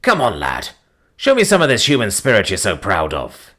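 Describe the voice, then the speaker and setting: A man's voice: fairly low pitch, wildly swooping pitch, normal speed, a bit bright, heavily acted. A man voicing a blunt, coaxing ghostly male spacer. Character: gruff ghostly male spacer in red overalls.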